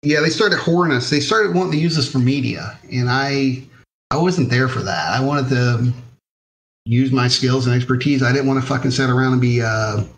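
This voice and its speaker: A man's voice: mid-range voice, normal speed, gravelly, a bit bright, low-quality recording. A man from the United States, an army veteran, telling war stories in a casual, profane, laid-back way on a podcast. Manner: profane, laid-back storytelling with frequent fillers. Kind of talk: casual storytelling interview.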